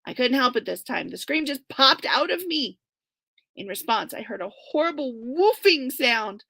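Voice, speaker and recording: A woman guest author giving an animated, expressive reading from her own novel, with some whispered asides, over a video call. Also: sits high, normal speed, vocal fry, dry recording.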